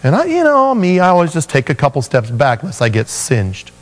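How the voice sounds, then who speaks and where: A man preaching a sermon, telling Bible stories with animated voices for the characters. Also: on the high side, a little fast, in a large hall. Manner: animated storytelling, acting out biblical figures in voices. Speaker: pastor.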